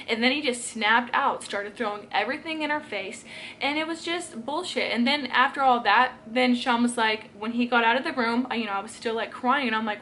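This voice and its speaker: A woman's voice: on the high side, normal speed, a bit bright, a little hiss or hum. Young woman rambling through an emotional storytime. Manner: rambling and emotional, heavy with filler words. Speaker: vlogger. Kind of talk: casual storytime vlog. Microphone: camera she films herself with.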